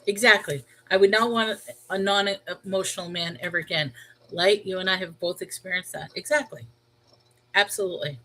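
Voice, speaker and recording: A woman's voice: medium pitch, normal speed, a little hiss or hum, rough recording. New York woman chatting live. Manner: talks things through out loud, reacting to viewer comments. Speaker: livestream host. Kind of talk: casual live-chat reply.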